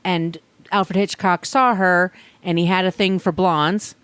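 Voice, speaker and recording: A woman's voice: on the low side, steady tone, unhurried, fairly bright tone, clean tone, no echo. A woman hosting a podcast, chatting casually and telling stories in a loose, rambling way with asides. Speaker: podcast host. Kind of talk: casual chat, storytelling.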